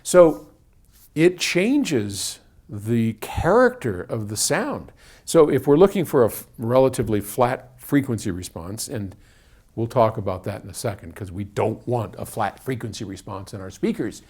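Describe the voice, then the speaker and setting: A man's voice: mid-range voice, expressive, unhurried, a little mellow, slightly rough. A man who runs an audio company, answering viewer questions in casual explanatory talk. He speaks conversationally with frequent restarts and repeated words, recorded on one microphone in an indoor room. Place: indoor room, moving toward and away from a wall. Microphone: single microphone in the room.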